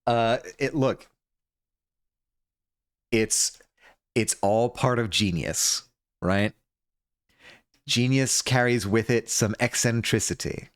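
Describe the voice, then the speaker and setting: This live game streamer talks slowly with long pauses in a mid-range voice, chatting with viewers, mocking himself, and often breaking into laughter. Game music runs beneath the clean, echo-free studio sound.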